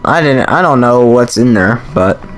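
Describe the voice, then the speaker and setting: A man's voice: medium pitch, animated, normal speed, a bit bright, faint music behind. A man giving casual gameplay commentary, chatty and reactive, thinking aloud as he plays. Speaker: let's play host.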